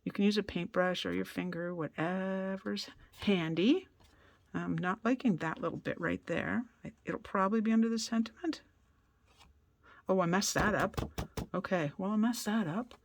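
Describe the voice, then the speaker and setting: A woman's voice: mid-range voice, normal speed, vocal fry. A woman from Canada giving a casual card-making tutorial in her basement studio, chatty and self-deprecating, thinking aloud as she works. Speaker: craft demonstrator.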